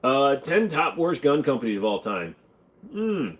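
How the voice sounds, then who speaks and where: Host: a man of middle pitch, blunt and offhand, joking through a casual livestream Q&A. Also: big pitch swings, measured pace. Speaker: channel host.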